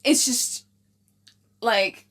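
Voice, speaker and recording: A young woman with a foreign, non-British accent co-hosts a podcast in relaxed chat. Her voice sits a touch high for a woman. She is expressive and quick to react with exclamations. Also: breathy edge. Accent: foreign, not British. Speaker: podcast co-host. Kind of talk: casual chat.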